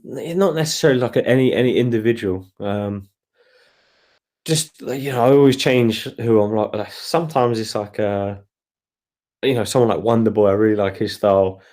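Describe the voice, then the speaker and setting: A young man, a guest fighter, chatting casually in a rambling, relaxed way on a video call. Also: lowish voice, normal speed. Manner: relaxed, rambling, laughs while telling stories. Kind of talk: casual interview chat.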